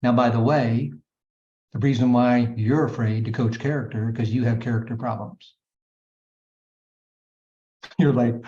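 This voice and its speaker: In a dull, echoey room recording, a man delivers a motivational coaching talk to his team, addressing them as gang and guys. His medium-pitched, dark voice holds a steady tone at a measured pace with frequent pauses, and he is emphatic and repetitive, using punchy sound words.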